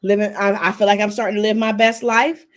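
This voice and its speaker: A woman in her twenties co-hosting a couples podcast, telling her side in an emphatic, animated casual chat. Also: medium pitch, a little fast. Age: 20s. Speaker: podcast co-host.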